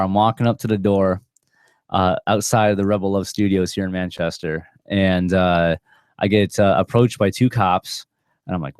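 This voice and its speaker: A man's voice: deep voice, dry recording, clean studio sound. A man hosting a podcast in casual chat, rambling and profane with lots of fillers. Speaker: podcast host. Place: small podcast studio.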